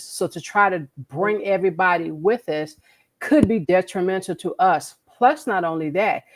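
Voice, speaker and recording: A woman co-hosting a podcast, talking in an earnest, preachy way and repeating words as she makes her point. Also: on the low side. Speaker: podcast co-host. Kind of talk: casual conversation.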